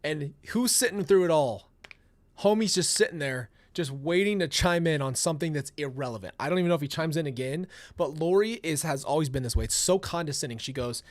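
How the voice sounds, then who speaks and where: A man's voice: fairly high pitch, a little fast. Blunt swearing male commentator. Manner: blunt, swearing, exasperated ranting. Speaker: commentary host. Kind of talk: reaction commentary.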